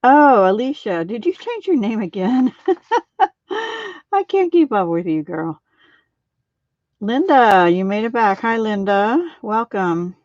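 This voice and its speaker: A chatty middle-aged woman hosts a live craft tutorial from her home craft room. She talks to viewers by name and fills pauses with ums and soft laughs. The audio is dull and lo-fi, with a dry, close sound. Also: medium pitch, very animated, no echo. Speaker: card-making demonstrator.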